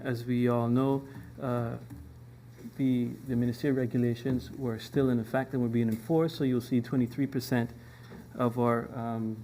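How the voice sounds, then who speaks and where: A man presents a government department's plans to a parliamentary committee in a level, even delivery. His voice is mellow and dark, and he pauses often with ums and restarts. A faint hum of room noise sits behind him. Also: mid-range voice. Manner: measured, with frequent ums and restarts.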